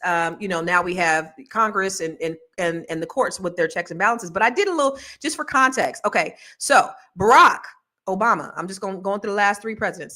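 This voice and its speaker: A woman's voice: medium pitch, bright, forceful tone. A woman moderating a panel discussion, talking loosely and slangily with lots of restarts.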